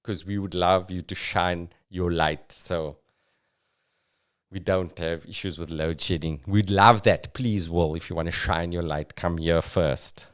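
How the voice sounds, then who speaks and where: A South African man hosting a comedy podcast, talking thoughtfully in a halting monologue. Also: deep voice, steady tone, clear, resonant tone. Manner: thoughtful, halting, uses fillers. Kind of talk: reflective comic podcast monologue.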